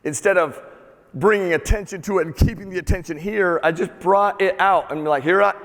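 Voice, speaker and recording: A man with a fairly high voice delivers a live motivational talk in a big hall, and long reverb trails each phrase. He talks with energy and swears freely. He has the crowd repeat key words back to him. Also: brisk. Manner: energetic, profane, calls for audience repeats. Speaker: motivational speaker.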